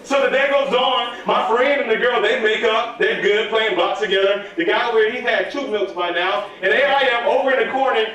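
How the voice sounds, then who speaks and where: Man, very high voice, storytelling workshop speaker, quizzes the audience, distant mic, echoey hall. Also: brisk, few pauses. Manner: animated, calls for audience answers. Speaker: motivational speaker at student workshop. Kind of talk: storytelling talk to a live audience. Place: large hall at a live event.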